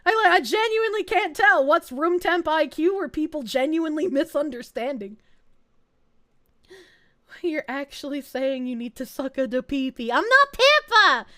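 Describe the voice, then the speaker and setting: Excitable, high-voiced young woman streamer. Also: normal speed. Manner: crude, excitable, laughs often. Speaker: VTuber streamer. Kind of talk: casual reaction stream commentary.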